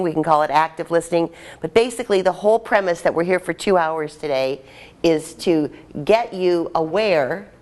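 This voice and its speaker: A woman trainer leading a live workshop, chatty and upbeat as she directs a group in a room. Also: lowish voice.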